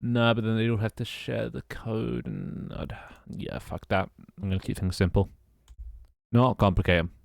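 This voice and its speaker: A British man with a deep, low voice, talking half to himself and half to his viewers while he works on code. He grumbles and swears when something breaks and then drifts into easy chat. The sound is close and dry, with no room around it. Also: normal speed, vocal fry, dry recording. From Britain. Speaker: streamer. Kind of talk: casual live-stream chat while coding.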